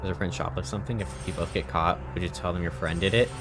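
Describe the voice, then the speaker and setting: A young man in his twenties streaming a trivia game, thinking aloud and reacting in excited bursts. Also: low voice, fast, music in the background. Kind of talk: live-stream gameplay commentary.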